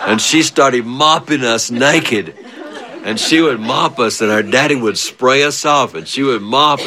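A man telling a funny childhood story, animated and chuckling often, with big swings of voice. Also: mid-range voice, measured pace, a faint crowd. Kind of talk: spoken storytelling.

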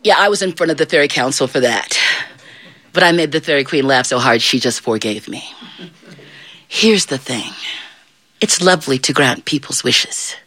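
Bright, animated woman storyteller. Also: very deep voice, normal speed, pauses often, dry recording. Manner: animated, swooping voice and playful asides. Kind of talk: first-person storytelling as a fairy godmother.

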